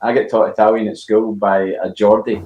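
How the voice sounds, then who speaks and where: A man co-hosting a casual football podcast, jokey and quick to laugh. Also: fairly low pitch, little pitch movement, warm tone, reverberant, lo-fi sound, a little hiss or hum. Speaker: podcast co-host.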